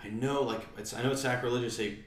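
A man's voice: medium pitch, steady tone, racing, roomy sound, recorded from a distance. A man co-hosting a podcast, chatting casually and animatedly with frequent restarts. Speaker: podcast co-host. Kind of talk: casual chat.

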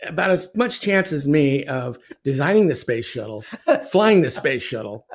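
Gravelly, profane retired referee. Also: male voice, mid-range voice, expressive, normal speed. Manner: blunt, profane, storytelling. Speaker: podcast co-host, retired referee and umpire. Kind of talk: casual sports talk.

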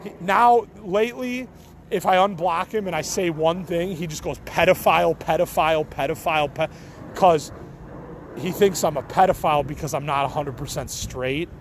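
A man's voice: fairly high pitch, moderate pace, slight background noise, low-quality recording. Rambling, profane middle-aged man. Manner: profane, rambling, laughs things off. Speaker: podcast host. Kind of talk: casual rambling monologue.

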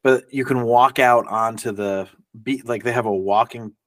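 A man's voice: mid-range voice, fairly even intonation, moderate pace, a bit bright, no room sound, far from the mic. A man co-hosting a podcast in casual chat, emphatic and swearing for emphasis. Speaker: podcast co-host.

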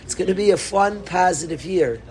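Emphatic high-voiced rabbi. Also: male voice, moderate pace, slight background noise. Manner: animated, repetitive, emphatic bursts. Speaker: yeshiva rabbi. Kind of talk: Torah talk to students.

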